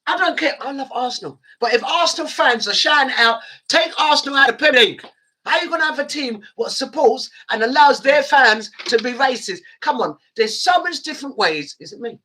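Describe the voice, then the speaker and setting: Lady host going off passionately, bright voice. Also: sits high, expressive, fairly quick, few pauses, breathy edge. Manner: passionate, heated. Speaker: radio show host. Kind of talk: impassioned show chat.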